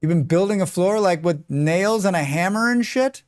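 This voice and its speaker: A man's voice: high voice, animated, normal speed, clear, resonant tone. An American man chatting casually and joking with his chat while he plays a survival game on a live stream.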